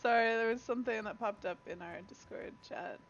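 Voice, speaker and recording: Casual streamer: young woman from Canada, slightly high voice, muffled lo-fi stream audio. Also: fairly quick, a little hiss or hum. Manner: chatty, laughs often, talks to chat and a friend. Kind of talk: casual gaming stream chat.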